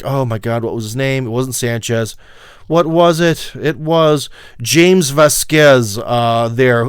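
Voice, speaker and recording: A man's voice: medium pitch, clean tone, no echo, studio quality. A man with a Midwestern American accent, hosting a casual livestream and rambling to his viewers with many fillers and emphatic asides. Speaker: livestream host.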